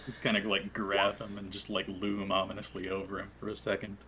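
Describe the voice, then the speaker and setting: A man's voice: fairly low pitch, monotone, a little fast, pushed and bright, breathy edge. A man playing a tabletop game, describing his character's actions hesitantly with fillers. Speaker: player. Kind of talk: casual tabletop play.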